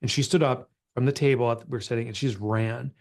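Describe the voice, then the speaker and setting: A middle-aged man tells a personal story in an interview, earnest and confessional. His pitch sits right in the middle for a man, and he speaks with open, raw feeling. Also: steady tone, quick pace, vocal fry, a little mellow. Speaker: author and guest.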